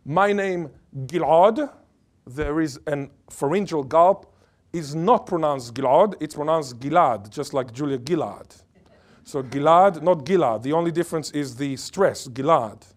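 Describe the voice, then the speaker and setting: Playful male lecturer, higher voice. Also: moderate pace. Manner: playful, fond of wordplay and jokes; emphatic, asks the audience questions. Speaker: linguist giving a lecture. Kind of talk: academic lecture. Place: lecture or workshop before an audience.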